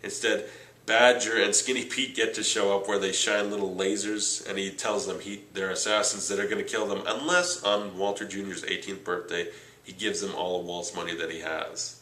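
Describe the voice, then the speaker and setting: Low voiced guy doing a casual show review, forceful and keyed up, echoey room. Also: normal speed. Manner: chatty, excitable recapping with lots of "like".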